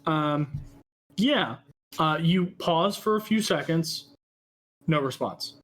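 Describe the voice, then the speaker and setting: High-voiced man running a tabletop game. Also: lively intonation, fairly bright tone. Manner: halting, many ums and restarts. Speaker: dungeon master.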